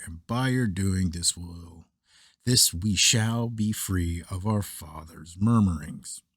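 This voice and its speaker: A man reads old scripture aloud in a measured, solemn way. His voice sits low and carries a husky edge. The sound is dry and close, with no room around it. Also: a little mellow, dry recording. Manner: measured, solemn reading of archaic text. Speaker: scripture reader.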